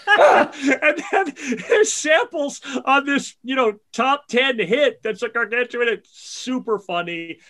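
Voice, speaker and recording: A man with a high, bright, forceful voice talks songs as a podcast co-host. He is animated and eager, quick to laugh, and fills his sentences with "like" as he gushes. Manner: chatty with many "like" fillers. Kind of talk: casual music chat.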